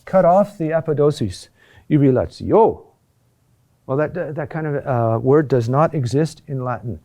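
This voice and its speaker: A middle-aged man teaching a recorded lesson, speaking in a halting way with many fillers and restarts. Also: on the high side, a little mellow. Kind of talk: recorded lesson on Latin chant accentuation.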